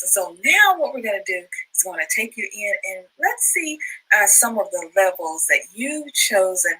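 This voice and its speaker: Bubbly American woman, very bright voice. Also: medium pitch, moderate pace, breathy edge, poor audio. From United States. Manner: bubbly, gushing, excitable. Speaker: channel host. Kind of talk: promotional vlog clip.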